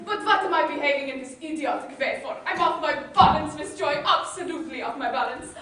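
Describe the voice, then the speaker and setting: A woman's voice: high-pitched, fairly quick, natural voice. A woman acting a gushing, fussy middle-aged landowner mother on stage, showering endearments in a theatrical manner. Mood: overjoyed. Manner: effusive, theatrical, doting endearments. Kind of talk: amateur stage play. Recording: echoey hall from far off, some noise.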